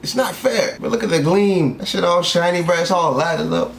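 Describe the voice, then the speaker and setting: A young man from South Carolina, reacting to an anime in casual, excitable and profane commentary from a room at home. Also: high voice, normal speed, creaky. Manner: excitable, profane, animated outbursts. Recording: roomy echo, faint background hiss.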